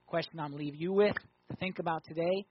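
A high-voiced man preaches in a chatty, questioning way, pressing hard on some lines and dropping low on others. His voice is husky. The recording is dry and slightly dull. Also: steady tone, fairly quick, dry recording. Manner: conversational preaching, rhetorical questions, swings from loud emphasis to quiet. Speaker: pastor. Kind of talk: sermon.

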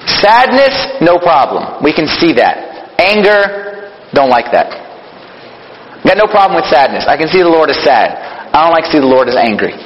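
A man with a fairly high voice teaching a church group, firing questions at his listeners and hammering points through repetition. The dull, lo-fi recording carries a long hall reverb under a faint hiss. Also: sing-song, moderate pace. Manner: asks the group questions, repeats phrases for emphasis. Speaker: Bible study leader. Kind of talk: teaching sermon.

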